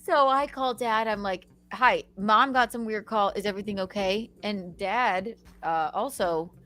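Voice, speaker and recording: A woman's voice: mid-range voice, unhurried, pushed and bright. A young woman hosting a casual podcast chat, telling a story with lots of swearing and acting out the quoted phone calls. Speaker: podcast host.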